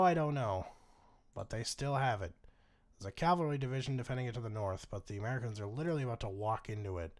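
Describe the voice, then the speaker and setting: A man's voice: mid-range voice, a little mellow. A man casually commentating a strategy game, wry and chuckling, swearing freely as he reacts. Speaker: gaming channel host.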